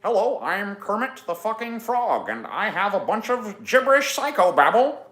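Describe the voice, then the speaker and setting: A man doing a high, nasal impression of a preachy male lecturer, in an echoey room. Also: big pitch swings, normal speed, a bit bright. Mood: lecturing.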